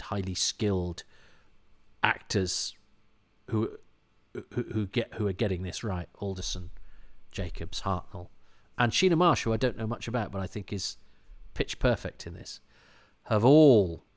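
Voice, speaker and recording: A man's voice: on the low side, unhurried. A British man chatting casually on a podcast, full of false starts and repeated words, with chuckling asides. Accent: British English. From Britain. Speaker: podcast commentator. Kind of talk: casual chat.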